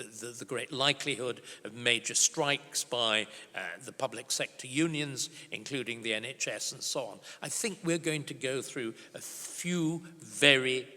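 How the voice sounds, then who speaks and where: An older man, a historian, speaking at a conference in an emphatic, grave and forceful way. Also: medium pitch. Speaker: historian giving a conference talk. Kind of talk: conference speech and Q&A answer. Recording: reverberant conference hall.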